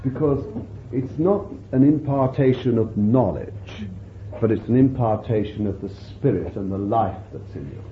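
A man preaching a sermon in an unhurried way, often chuckling as he explains. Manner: slow, unhurried preaching with lively pitch and warm chuckles. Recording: roomy, tinny phone-like sound with faint hiss.

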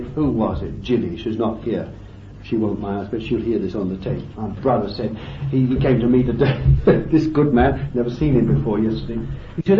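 A man preaching a fervent sermon, swinging from loud exclamations to hushed asides. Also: medium pitch, normal speed, few pauses, noisy background. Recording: roomy, distant, dull lo-fi tape recording.

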